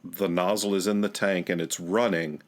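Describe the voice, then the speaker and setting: A man's voice: sits low, fairly even intonation, normal speed. A man co-hosting a podcast, blunt and sweary in casual banter. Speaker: podcast co-host. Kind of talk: casual comedic chat.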